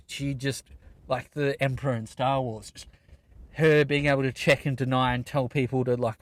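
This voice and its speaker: A man's voice: a little high, dry recording. A young Australian man in his twenties, hosting a podcast and ranting in a casual, profane way from inside a car. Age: 20s. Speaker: podcast host. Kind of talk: casual solo rant.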